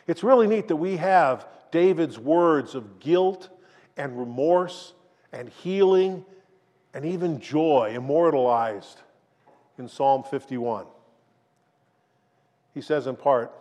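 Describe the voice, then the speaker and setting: A man preaching a sermon, retelling a story dramatically and swinging between loud and hushed delivery. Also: on the high side, expressive, takes it slowly, long pauses. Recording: long reverb of a large hall.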